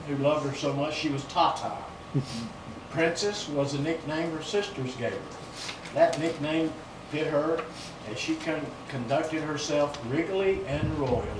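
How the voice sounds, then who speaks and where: A man reading written eulogies aloud at a memorial in a loud, plain-spoken way, adding asides. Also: fairly high pitch. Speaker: brother-in-law reading eulogies. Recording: echoey, distant, noisy outdoor video.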